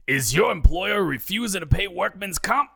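A man voicing a sleazy male TV injury lawyer with a heavy Brooklyn accent, bellowing a drawn-out sales pitch in a comedy audio drama. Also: expressive, creaky, fairly bright tone, slightly rough, heavily acted. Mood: hard-selling.

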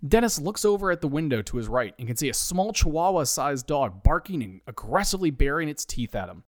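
Male comedy narrator, wry, lively, dry close sound. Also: fairly high pitch, brisk, no room sound.

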